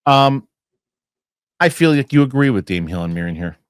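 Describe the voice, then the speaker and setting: A man's voice: mid-range voice, expressive, moderate pace, clear, resonant tone, no room sound, studio quality. A man hosting a casual podcast, reading news items aloud and then chatting about them with his co-host.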